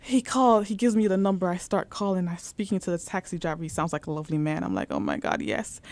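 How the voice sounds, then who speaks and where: A woman's voice: fairly low pitch, steady tone, fast talker, a little mellow. A woman co-hosting a radio show, telling a comic story with vivid, dramatic delivery.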